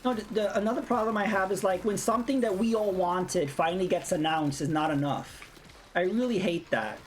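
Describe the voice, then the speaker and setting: A woman's voice: mid-range voice, brisk, a little hiss or hum. A woman streamer ranting bluntly in casual chat while playing a game, swearing freely. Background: faint game music.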